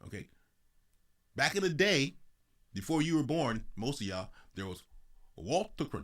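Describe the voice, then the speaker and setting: Lively man ranting on his podcast. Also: on the high side, moderate pace, pauses often. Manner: animated, conversational, drops into mock announcer voice. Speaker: podcast host. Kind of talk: casual political commentary.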